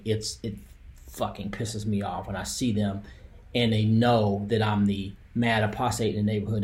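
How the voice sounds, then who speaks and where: A man's voice: fairly low pitch, little pitch movement, normal speed, a little mellow. A man telling a personal story as a heated, profane rant, repeating himself as he goes. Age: adult with a daughter.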